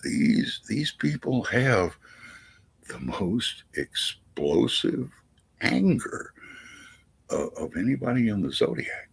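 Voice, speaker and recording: A deep, gravelly man with a very husky, rough-edged voice hosts a live astrology chat. He talks slowly and haltingly, repeating words and restarting phrases as he reads out viewers' messages. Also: very animated. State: out of breath. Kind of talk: casual live-stream chat.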